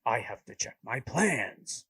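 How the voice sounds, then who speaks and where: A man putting on a gravelly, breathy, near-whispered caped-hero voice, slow and exaggeratedly serious. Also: mid-range voice, sing-song, pushed and bright, exaggerated voice. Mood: brooding.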